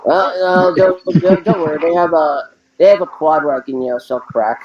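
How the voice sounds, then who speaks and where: High-voiced man with teasing asides. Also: fairly even intonation, normal speed, a crowd in the background. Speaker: podcast co-host. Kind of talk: casual banter. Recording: dull lo-fi audio with faint noise.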